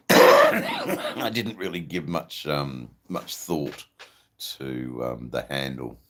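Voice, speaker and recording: A middle-aged Australian man with a persistent cough, hosting a casual livestream in a slow, rambling way with frequent ums. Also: a bass voice, a bit bright, slight background noise. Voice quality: gravelly. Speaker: livestream host. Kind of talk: casual livestream chat reading comments.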